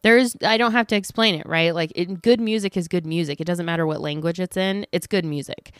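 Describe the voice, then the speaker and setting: A woman's voice: lowish voice, fairly quick, clean tone, no room sound. Chatty woman telling stories on her podcast. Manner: chatty storytelling, acts out quotes, swears. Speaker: podcast host. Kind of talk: casual chat. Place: home office.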